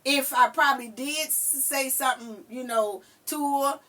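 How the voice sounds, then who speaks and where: Give me a bright, high-voiced grandmother telling stories. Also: normal speed, distant mic. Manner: animated storyteller who acts out quotes. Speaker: podcast host. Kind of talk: casual chat.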